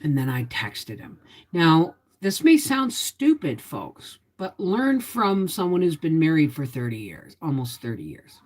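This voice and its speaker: A woman's voice: sits low, sing-song, a little slow. A woman in her fifties hosting a casual livestream, telling a rambling, confiding story to viewers while sounding emotionally tired. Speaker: homestead vlogger hosting a livestream. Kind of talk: casual live-stream chat.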